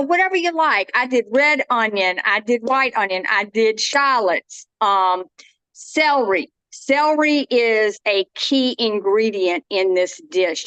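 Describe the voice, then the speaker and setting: A woman's voice: on the high side, a bit bright, no room sound. A woman, chatting casually and folksily while demonstrating a dish. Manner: chatty, folksy, self-interrupting. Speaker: cooking demo guest.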